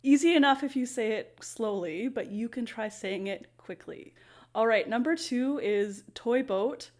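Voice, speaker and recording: A woman's voice: on the high side, measured pace. Chatty woman explaining classroom activities. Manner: chatty, relaxed, frequent ums and "kind of". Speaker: ESL teacher and channel host. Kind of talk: casual teaching explainer.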